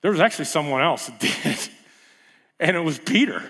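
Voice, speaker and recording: Male preacher, lively swooping delivery, fairly high voice, rhetorical questions, chatty sermon. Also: normal speed. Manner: animated, rhetorical questions, conversational asides.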